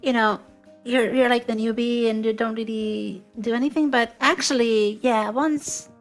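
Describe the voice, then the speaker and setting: Rambling woman interviewer, high voice. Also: fairly even intonation, normal speed, soft background music. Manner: rambling, many fillers and throat clearing. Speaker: guest interviewer. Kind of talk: casual interview chat.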